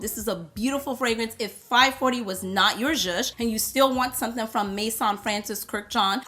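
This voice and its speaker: Woman, fairly high voice, bright and forceful, chatty, playful, loud, casual talk to camera, soft music behind. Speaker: perfume reviewer.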